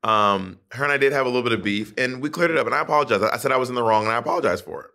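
A man co-hosting a podcast, chatting casually, teasing his co-host and telling stories with drawn-out phrasing. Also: medium pitch, creaky, pushed and bright. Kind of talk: casual banter.

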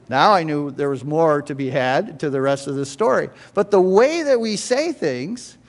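High-voiced preacher in a reverberant church. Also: male voice. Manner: conversational, checks in with the congregation often. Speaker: pastor. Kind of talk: sermon. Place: church sanctuary.

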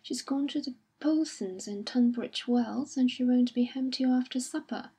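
A woman reading the part of a devout, dutiful older colonel's wife in an audiobook, with a breathy voice. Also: high voice, moderate pace, warm tone, voice pushed up, heavily acted. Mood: practical.

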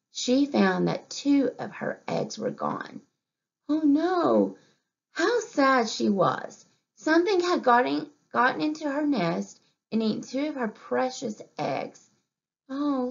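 A woman reading a picture book aloud to young children in an expressive way, asking questions and pointing at the pictures. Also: a little high, gravelly. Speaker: preschool teacher. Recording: dull lo-fi recording.

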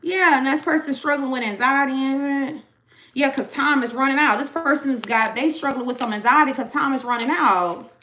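A woman's voice: high voice, normal speed, sharp tone, a little hiss or hum, rough recording. A young woman giving a casual tarot reading to her viewers, chatty and slangy, talking straight to the audience. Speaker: tarot reader.

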